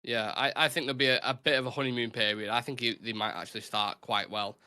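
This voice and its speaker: A man's voice: medium pitch, quick pace, clear, resonant tone. A young man hosting a casual football chat, animatedly retelling a match. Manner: animated storyteller, acts out crowd reactions. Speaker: football podcast host.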